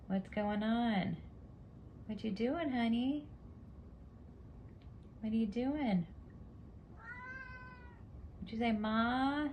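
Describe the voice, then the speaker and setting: Slow, sing-song woman coaxing her cat. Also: a little high, dull audio, a little hiss or hum. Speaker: pet owner filming her cat. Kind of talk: coaxing baby talk to a pet.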